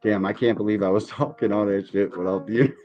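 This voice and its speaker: A man's voice: lowish voice, steady tone, brisk, darkish tone, lo-fi sound. A man hosting a boxing reaction podcast, talking casually and ranting with heavy swearing. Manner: profane, heated ranting. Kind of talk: casual live-stream commentary.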